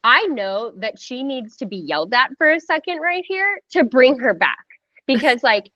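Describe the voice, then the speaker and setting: Woman, 30s, higher pitch, casual animated storyteller, dry muffled recording. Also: moderate pace, no room sound. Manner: animated, heavy use of "like", acts out quoted voices. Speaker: podcast guest sharing a birth story.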